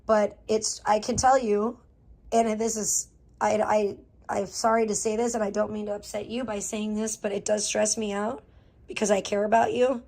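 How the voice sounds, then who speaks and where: A woman's voice: medium pitch, level tone, normal speed, vocal fry, darkish tone. A middle-aged woman live streamer in casual chat, talking candidly and emotionally to her viewers and swearing freely.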